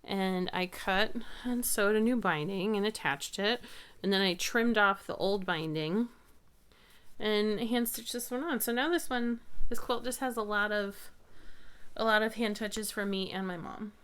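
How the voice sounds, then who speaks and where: A woman in her thirties hosting a knitting podcast, chatting casually and telling family stories in a warm-hearted way. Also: mid-range voice, unhurried, clean tone. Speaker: podcast host. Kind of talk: casual chat.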